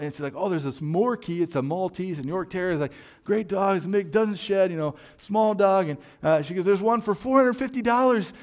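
A pastor with a voice on the high side preaches a sermon, reading scripture and sharing a story from his own life. When he acts out quoted voices, he rises to near shouts.

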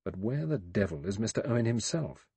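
A man's voice: on the low side, sing-song, a little fast, gravelly, warm tone, husky, no echo, exaggerated voice. A man voicing a cool, sardonic male adventurer in an audiobook, talking in a dry, guarded way. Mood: grim.

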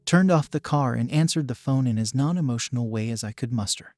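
Guy reading a first-person story, steady pace, mid pitch, quiet music underneath. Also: fairly quick, hardly any pauses. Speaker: story narrator. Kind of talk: scripted first-person narration.

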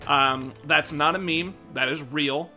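A young American man talks to his stream in a loose, rambling way, swearing casually and sounding a bit winded. His voice sits somewhat high for a man and rings very bright and forceful. Faint music plays behind him. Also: a little slow. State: slightly out of breath. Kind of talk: casual rambling chat to viewers.

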